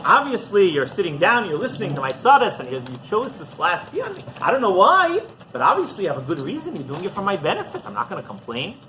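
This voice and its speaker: A man's voice: sits high, huge pitch swings, fast talker, few pauses, pushed and bright, heavily acted. A man voicing a troubled, deferential follower who fumbles earnestly through his complaints. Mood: sheepish. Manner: fumbling, earnest, laughing nervously. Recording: noisy background.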